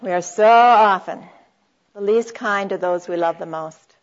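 A middle-aged woman speaks earnestly to a live audience about marriage, in the manner of a sermon, quoting scripture and calling the listeners her friends. Her voice sits at an ordinary pitch for a woman. The recording is dull and slightly lo-fi. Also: unhurried.

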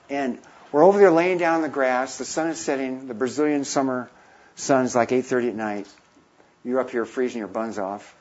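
Husky man in his fifties telling stories. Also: mid-range voice, moderate pace, muffled recording. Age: 50s. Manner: animated anecdote-telling, acting out quoted voices. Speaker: missionary. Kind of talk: storytelling talk.

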